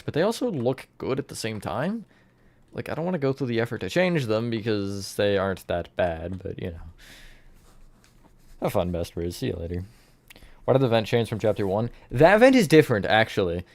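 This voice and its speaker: A man's voice: on the low side, sing-song, brisk, no room sound. A man chatting casually on a live stream as he builds in a game, thinking aloud and greeting viewers from the chat.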